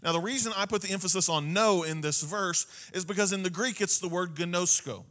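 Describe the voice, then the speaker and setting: A man with a notably high voice delivers a sermon from the pulpit. He preaches with emphatic repetition and keeps turning to his listeners with "Amen?" to bring them along. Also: brisk, pushed and bright. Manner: preaching with repeated phrases and frequent "Amen?" to the congregation. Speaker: pastor.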